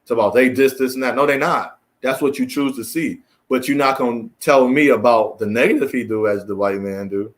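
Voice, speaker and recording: A man, delivering a preachy, emphatic solo monologue as a commentary host, often climbing high in exasperation and repeating phrases. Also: fairly quick, hardly any pauses. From United States.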